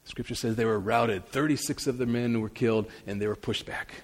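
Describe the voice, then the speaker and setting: A man's voice: medium pitch, steady tone, a little fast. Dramatic male preacher in a reverberant hall. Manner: dramatic swings between loud emphasis and soft asides. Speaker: pastor. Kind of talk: sermon.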